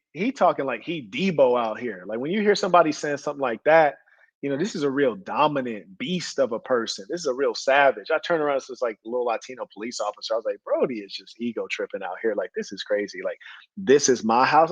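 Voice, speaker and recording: A man's voice: mid-range voice, dry recording, lo-fi sound. Indignant man rambling about police. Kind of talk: storytelling rant.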